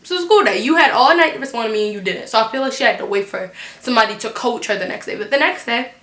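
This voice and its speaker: A teenage girl tells a storytime for her vlog in a lively, blunt way, swearing without a second thought. Her voice sits a little high and sounds bright and sharp. The room around her is echoey. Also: fast. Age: teens. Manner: animated and blunt, swears freely. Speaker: vlogger.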